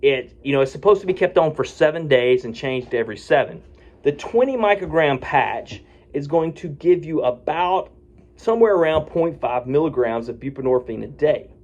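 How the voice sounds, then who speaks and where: A man's voice: on the high side, animated, moderate pace, a little mellow, highs cut off. A man who is a physician, explaining a medication taper in a casual, folksy way and often checking in with "okay?" and "right?". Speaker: physician giving addiction-medicine advice. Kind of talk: casual talk to camera.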